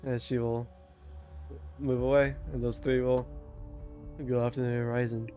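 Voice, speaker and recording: Young man, game master, mellow voice, relaxed loose narration, fillers and restarts, faint music behind. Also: medium pitch, moderate pace. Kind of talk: casual tabletop game narration.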